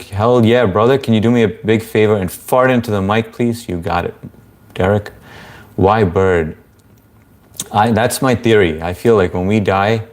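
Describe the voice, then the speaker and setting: A man's voice: deep voice, a little mellow. A man hosting a casual late-night live stream, greeting viewers by name and rambling laid-back with lots of fillers. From Indian family background. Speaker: livestream host. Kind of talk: casual live chat reading comments.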